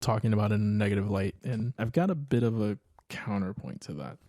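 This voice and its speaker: A man's voice: fairly low pitch, fast talker, mellow, dry recording, studio quality. A man co-hosting a podcast as a father, talking in a reflective, hedging way and laughing easily. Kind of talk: casual chat.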